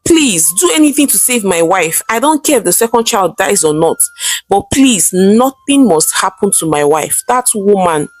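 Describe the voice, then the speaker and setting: A woman's voice: mid-range voice, very animated, moderate pace, faint music behind. A woman voicing a grief-stricken young husband who pleads and weeps. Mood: pleading. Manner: pleading, tearful.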